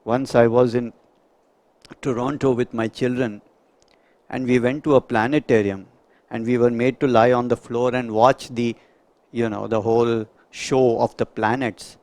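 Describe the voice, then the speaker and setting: A man's voice: mid-range voice, steady tone, moderate pace, a little mellow, dry recording. A man giving a reflective spiritual talk to a group, asking rhetorical questions. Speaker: spiritual speaker.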